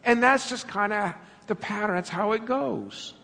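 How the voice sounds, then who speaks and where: A man preaching a sermon, an animated storyteller who laughs often and acts out little scenes. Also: high voice, a little slow, gravelly, in a large hall. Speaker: pastor.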